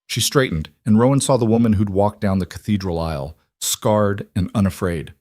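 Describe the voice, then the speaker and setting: A man narrating a romance story in steady scripted narration. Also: on the low side, moderate pace, few pauses, dry recording, clean studio sound.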